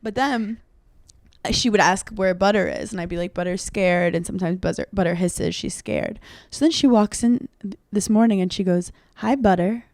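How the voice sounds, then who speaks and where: A woman in her thirties, a podcast co-host, chatting casually and telling stories in a giggly, animated way with crude jokes. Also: mid-range voice, a little fast, dry recording. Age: 30s. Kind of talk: casual chat.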